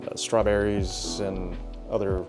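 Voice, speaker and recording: A man's voice: on the low side, little pitch movement, slow pace, loud music behind the voice. A young adult man chatting casually as he walks through his day of meals, upbeat and joking in asides. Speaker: fitness vlogger. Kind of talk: casual vlog narration.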